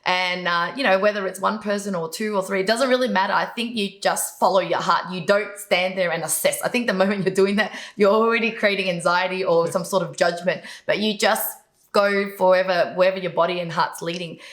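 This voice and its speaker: A woman's voice: mid-range voice, fairly quick, fairly bright tone. A woman guest in an interview, talking about networking with enthusiasm, telling stories and laughing often. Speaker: guest sharing networking advice. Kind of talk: casual interview chat.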